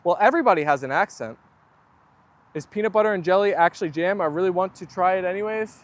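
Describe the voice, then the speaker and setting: A man's voice: sits high, quick pace. A young man hosting a casual livestream, chatting loosely and reading viewer comments aloud. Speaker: livestream host.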